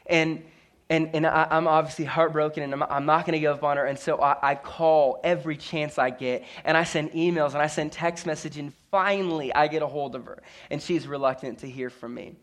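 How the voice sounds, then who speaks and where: A man's voice: on the high side, fairly even intonation, a little fast, fairly bright tone. A man preaching a sermon as pastor, telling a story earnestly with stammered restarts and repeated words.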